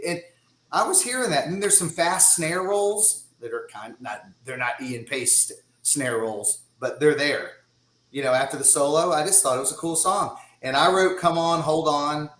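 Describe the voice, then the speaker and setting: A man's voice: a little high, expressive, normal speed, fairly bright tone, reverberant, low-quality recording. A man in his fifties with a Southern US accent, a guest drummer chatting casually in a rambling way and laughing often. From Georgia, US. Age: 50s. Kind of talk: casual chat.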